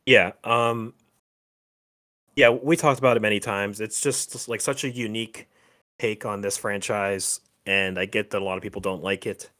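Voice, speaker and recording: A man's voice: lowish voice, fairly even intonation, bright, forceful tone. A man co-hosting a podcast, chatting casually with lots of fillers, restarts and little laughs. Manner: halting, many fillers and restarts, laughs often. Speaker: podcast co-host. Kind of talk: casual chat.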